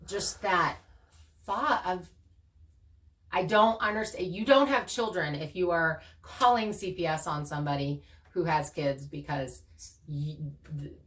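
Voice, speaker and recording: A woman co-hosting a channel, casually talking through her experiences in an earnest, animated way. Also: on the low side, unhurried, distant mic. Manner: earnest, animated storytelling with laughs. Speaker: channel co-host. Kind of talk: casual conversation.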